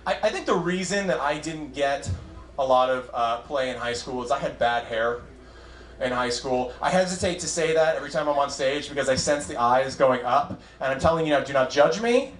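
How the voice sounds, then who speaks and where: A young comic hosting a stand-up set talks fairly quickly at a medium pitch, joking at his own expense and bantering with the crowd through a handheld mic. Laughter fills the roomy club sound, with slight background noise.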